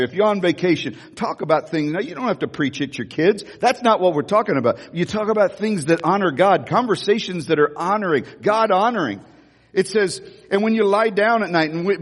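A man's voice: high voice, in a large hall. A middle-aged man preaching a sermon, asking the congregation rhetorical questions and breaking into chatty asides. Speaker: pastor.

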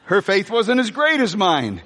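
Male pastor, middle-aged, joking sermon delivery; high pitch, long hall reverb. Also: unhurried, crowd noise. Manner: animated, jokey preaching with laughs and sudden shouts. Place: church hall.

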